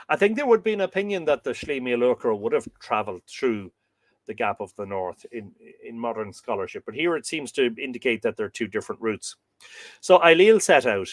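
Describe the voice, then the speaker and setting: A man reads an old myth aloud on his live show, his voice at an everyday middle pitch. The sound is dry and close, with no room echo. He shifts easily from measured reading into relaxed, hesitant asides. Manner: reads aloud, then breaks off into chatty, halting asides. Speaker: podcast host reading myths.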